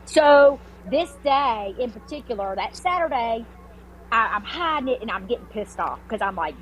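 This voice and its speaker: Animated woman telling a story. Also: a little high, moderate pace, slight background noise, poor audio. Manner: animated, swearing, many restarts and filler words. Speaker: podcast guest. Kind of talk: casual storytelling.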